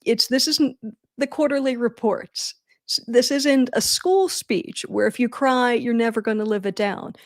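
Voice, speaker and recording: A middle-aged woman hosting a live advice Q&A on wedding speeches, chatty and animated, with self-deprecating jokes. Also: fairly high pitch, dry recording, clean studio sound. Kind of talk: casual livestream advice.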